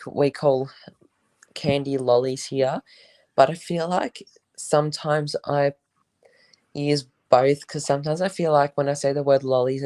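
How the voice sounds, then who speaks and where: A man's voice: medium pitch, darkish tone, no room sound. Easygoing young Australian man, dry sound. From Melbourne, Australia. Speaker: livestream guest. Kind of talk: casual live-stream chat.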